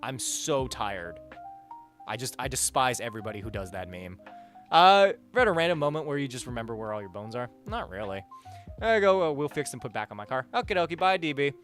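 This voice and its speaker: A man chatting casually on a livestream, reading out donations and rambling, swearing often. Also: fairly quick. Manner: rambling, swears a lot, animated swings in pitch and loudness. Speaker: streamer. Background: faint music.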